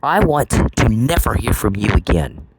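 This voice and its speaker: A man's voice: on the low side, sing-song, measured pace. A man delivering an angry solo monologue, confrontational and profane, repeating phrases for emphasis. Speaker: channel host. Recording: noisy recording with clicks.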